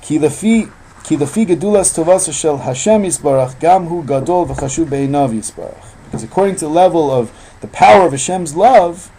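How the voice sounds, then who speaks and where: A man teaching an informal evening Torah class, telling stories with animated, loud bursts when he acts out quotes. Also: on the high side, a little fast, a little hiss or hum, rough recording.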